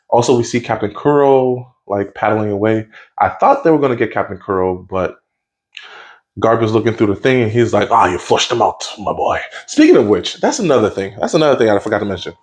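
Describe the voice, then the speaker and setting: A man's voice: fairly low pitch, animated, fairly quick. A man giving a casual spoken review of a TV episode, easygoing and rambling, with lots of fillers and restarts. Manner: rambling, with frequent fillers and self-corrections; easygoing and conversational.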